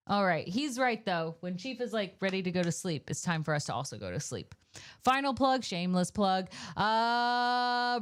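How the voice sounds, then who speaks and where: Young woman streamer winding down, chatty and playful, casual sign-off talk. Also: mid-range voice. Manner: chatty and playful, baby-talks to her dog. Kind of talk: casual end-of-stream chat.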